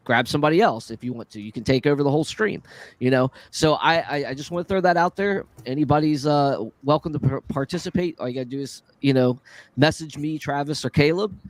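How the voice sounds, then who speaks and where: A man's voice: a little high, brisk, no room sound. A man hosting a live podcast panel, upbeat and casual, often restarting his sentences. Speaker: podcast host.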